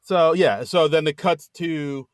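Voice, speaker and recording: A man's voice: measured pace, clear, resonant tone, dry recording. Man recapping a movie in a dry room. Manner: animated retelling, acts out lines in a high voice. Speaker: podcast co-host. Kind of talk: casual movie recap chat.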